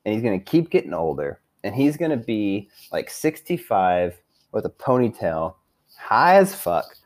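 Young man, profane rant, crude trash talk, swinging lively pitch, casual. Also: moderate pace. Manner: crude, trash-talking, rambling, swears constantly. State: drinking. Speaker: fantasy football league member recapping the season.

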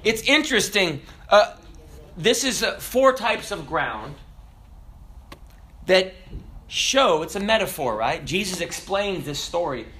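Animated Southern preacher man, high lively voice. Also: slow, long pauses. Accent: Southern American. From American South. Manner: folksy and animated, jokes and rhetorical questions. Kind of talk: sermon.

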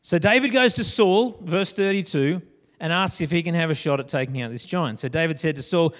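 A man's voice: sits high, moderate pace. A man preaching a sermon, acting out Bible characters in casual slang. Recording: long hall reverb.

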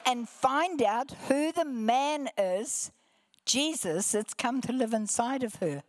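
Older kiwi lady preaching, earnest storytelling, goes soft and hushed, takes her time. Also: fairly high pitch, lively intonation, slow, long reverb tail. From New Zealand. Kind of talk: testimony sermon.

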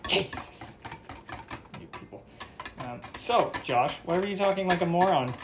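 A man's voice: high voice, animated, unhurried, background noise. A man from Canada hosting a casual solo podcast, rambling and joking with plenty of swearing while he cooks breakfast. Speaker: podcast host. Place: home kitchen, cooking breakfast. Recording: kitchen clatter of dishes and cutlery.

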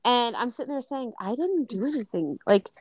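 A woman co-hosting a casual podcast, telling a story with lively acted-out quotes and plenty of swearing. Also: on the high side, moderate pace, slight background noise. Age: adult. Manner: animated, acts out quoted dialogue, swears freely. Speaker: podcast co-host.

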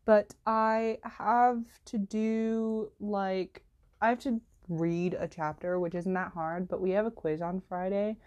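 A woman's voice: takes it slowly, highs cut off. A teenage girl chatting casually to camera as a student vlogger, rambling and peppering her talk with "like" and "literally", her voice jumping up when she gets exasperated. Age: teens. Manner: rambling, heavy use of "like" and "literally"; animated, jumps in pitch when exasperated.

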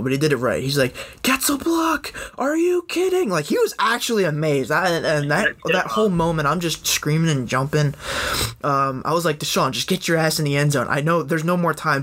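A young man co-hosting a casual sports chat, telling stories in an animated way with frequent laughs. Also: medium pitch. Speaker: podcast co-host.

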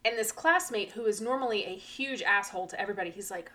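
Speaking quickly with hardly a pause, this mid-range female voice belongs to a teacher who co-hosts a podcast. In easygoing conversation, she brings her stories to life by performing kids' voices.

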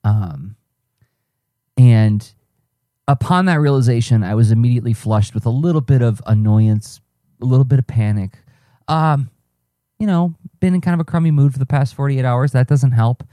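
A man with a mid-range, mellow voice hosts a solo podcast at a moderate pace, recorded in clean studio quality with no echo. A cartoonist and teaching artist, he thinks aloud in a reflective monologue that rambles, corrects itself, and stays conversational.

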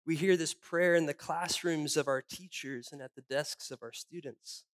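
A man's voice: on the high side, fairly even intonation, moderate pace. Man preaching a reflective sermon. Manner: storytelling, reflective, with hushed solemn passages. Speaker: pastor. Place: church.

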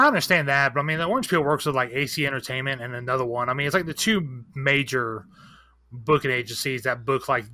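Man guest, bright tense tone, candid loose chatter with lots of fillers. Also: medium pitch. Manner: candid, profane, rambling with many fillers. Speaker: guest, record shop owner. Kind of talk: casual chat.

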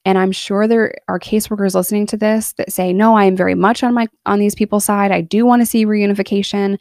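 A woman's voice: mid-range voice, gravelly, a little mellow, no room sound, studio quality. A woman in her thirties telling her personal story in a candid, earnest monologue, emotional in places. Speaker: podcast storyteller.

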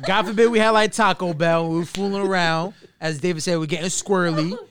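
A man's voice: high voice, steady tone, a little fast, crowd noise. A man hosting a podcast, joking and keeping the show moving. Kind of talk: casual chat.

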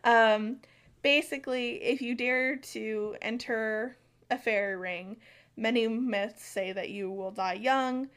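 A woman's voice: on the high side, steady tone, takes it slowly, a bit bright, clear, resonant tone. An American woman co-hosting a podcast, chatting casually about folklore with lots of fillers and some stumbling. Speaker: podcast co-host.

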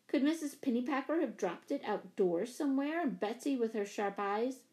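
Woman reading a storybook, bright and expressive. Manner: expressive, shifts pitch and volume with the story. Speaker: narrator.

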